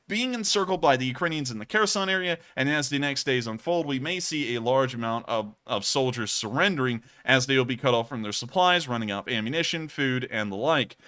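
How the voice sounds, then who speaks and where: A young man talks through war news on his live stream. His voice is bright and forceful, and he speaks loosely and conversationally, often correcting himself mid-sentence. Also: fairly high pitch. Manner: conversational, self-correcting, says y'all. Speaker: war news livestream host. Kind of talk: casual live-stream commentary over maps and footage.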